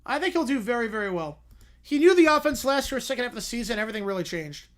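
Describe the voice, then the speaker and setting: A young man hosting a casual livestream, answering viewer questions with quick reactions and frequent "yeah"s. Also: very high-pitched, lively intonation. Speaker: livestream host reading chat.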